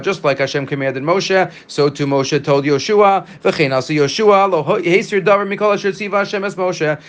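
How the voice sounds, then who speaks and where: Man giving a lively Talmud class. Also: fairly high pitch. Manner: reads Aramaic lines then explains them in English, with many restarts. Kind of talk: casual Talmud lesson.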